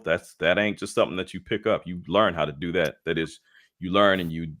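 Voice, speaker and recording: A man co-hosting a casual leadership webinar, playful and jokey, mixing slang asides with talk of faith. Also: deep voice. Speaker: co-host and leadership coach.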